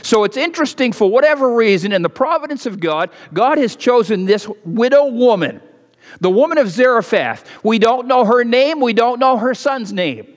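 A man's voice: very high-pitched, lively intonation, normal speed. A man preaching a sermon to a congregation in a conversational style, his voice rising and dropping for emphasis. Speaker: pastor. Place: church sanctuary. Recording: long hall reverb of a church.

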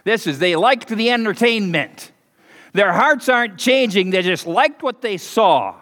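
A man preaching a sermon as pastor, telling folksy stories and leaping higher and louder for emphasis. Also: expressive, unhurried. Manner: folksy storytelling, swings loud and high for emphasis. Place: church sanctuary. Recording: preached in a hall with long reverb.

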